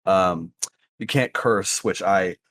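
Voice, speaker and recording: A young man co-hosting a podcast, telling a long story in an animated way and laughing often. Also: deep voice, slow pace. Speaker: podcast co-host. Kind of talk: casual chat, storytelling.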